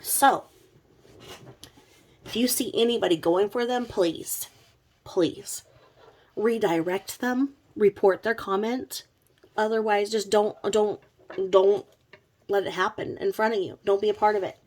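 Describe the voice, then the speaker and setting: A woman's voice: mid-range voice, unhurried, long pauses, darkish tone. A woman who is sick with covid, talking in a chatty, blunt, rambling way and swearing freely. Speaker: true crime commentary host. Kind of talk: casual rambling commentary.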